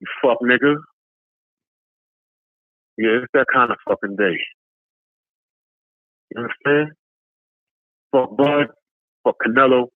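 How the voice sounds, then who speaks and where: A man's voice: medium pitch, slow pace, long pauses, no room sound. Tired man ranting over a phone line. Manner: aggressive, repetitive, swearing. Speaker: caller. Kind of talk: profane trash-talk rant. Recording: tinny phone line, dry.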